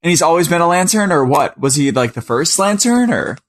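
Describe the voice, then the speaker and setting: A man from Minnesota chats and jokes as a podcast co-host, quick to tease and react. His voice sits a bit high for a man and moves animatedly up and down. He sounds loose and playful throughout. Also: lively intonation. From Minnesota, USA. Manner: joking, teasing, quick reactions. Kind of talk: casual chat.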